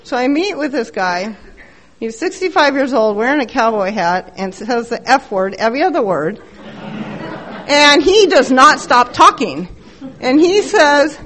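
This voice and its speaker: Middle-aged woman, fairly high voice, blunt and profane, self-mocking recovery speaker. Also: expressive, a little slow, fairly bright tone. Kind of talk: personal recovery share.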